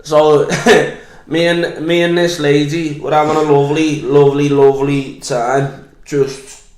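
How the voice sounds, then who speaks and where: A man's voice: a little high, level tone, a little slow, darkish tone, echoey room. A young man from Liverpool with a Scouse accent, a podcast guest telling a long, crude, self-deprecating story in casual chat.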